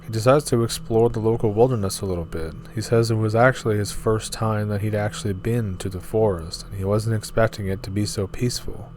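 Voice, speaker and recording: A man's voice: on the low side, steady tone, brisk, hardly any pauses, darkish tone, a little hiss or hum. A man reading scary forum stories aloud in a casual, offhand way, with asides of his own.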